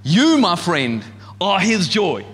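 A man preaching a sermon with passion, rising to shouts as he acts out God speaking. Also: high-pitched, huge pitch swings, slow pace, big-room sound. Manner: impassioned, shouts when acting out God's voice. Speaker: pastor.

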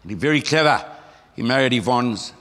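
A man's voice: mid-range voice, lively intonation, fairly quick, fairly bright tone. An older South African man telling a folksy testimony in church, with a frog in his throat. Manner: folksy storytelling, acting out remembered voices. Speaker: church member giving testimony. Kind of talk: conversational testimony sermon. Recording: long hall reverb.

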